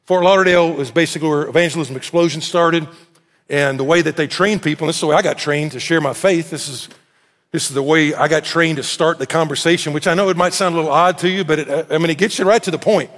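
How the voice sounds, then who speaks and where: A man preaches in a fairly high voice, swinging into lively acted-out voices as he tells the story. His words ring out through a church sanctuary with a long hall echo. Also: fast. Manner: animated storytelling, acts out quoted voices. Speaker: pastor. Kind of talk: sermon.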